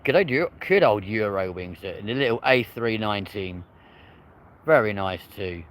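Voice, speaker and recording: A man's voice: lowish voice, animated, moderate pace, slight background noise. Chatty Englishman streaming live beside an airport. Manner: chatty, upbeat, addresses viewers as friends and folks. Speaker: live-stream plane spotter. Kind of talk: live commentary to viewers. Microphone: phone.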